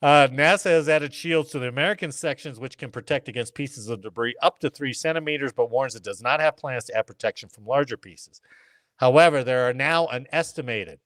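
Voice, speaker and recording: A man's voice: medium pitch, brisk, a bit bright, no echo, studio quality. A man hosting a casual podcast, reading news articles aloud and breaking off for joking asides. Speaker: podcast host.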